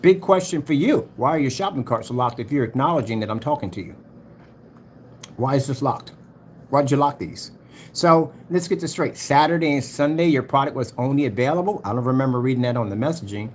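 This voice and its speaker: A man's voice: mid-range voice, animated, a little fast, a little hiss or hum. A man hosting a livestream, ranting in a heated, mocking way and talking straight to his chat. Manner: heated, mocking, repetitive, talks to chat directly. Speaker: livestream host.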